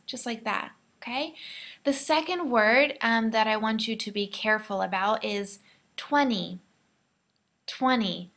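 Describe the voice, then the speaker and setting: A young American woman leads a pronunciation lesson, speaking slowly and deliberately so learners can copy her. Her voice sits fairly high with a gravelly, creaky edge. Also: fairly bright tone. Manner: slow, careful modelling of words for learners to repeat. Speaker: English pronunciation teacher.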